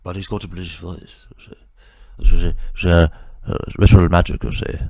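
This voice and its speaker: A man's voice: low-pitched, level tone, normal speed, a little mellow, dry recording, voice pushed down. A man putting on the voice of a pompous male ritual magician, speaking in a mock-solemn, stammering way.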